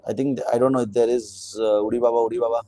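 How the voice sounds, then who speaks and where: A man's voice: medium pitch, fast talker, warm tone, rough recording. A man with an Indian English accent giving opinionated, chatty commentary on a reality show, slipping Hindi words into his talk. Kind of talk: casual video commentary.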